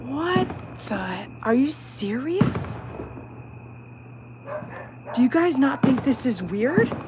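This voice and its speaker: A middle-aged woman, chatting casually on a livestream, full of filler words and loud bursts when calling her dogs. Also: sits high, sing-song, very slow, pauses often, background noise. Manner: chatty, storytelling, lots of "like" fillers. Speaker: dog groomer and small business owner. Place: home patio.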